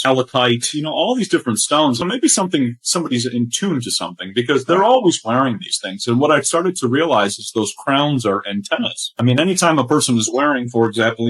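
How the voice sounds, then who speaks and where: A man's voice: medium pitch, fairly bright tone, breathy edge, poor audio. A man explaining his ideas in an earnest, rambling way, full of "you know"s. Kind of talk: casual explaining.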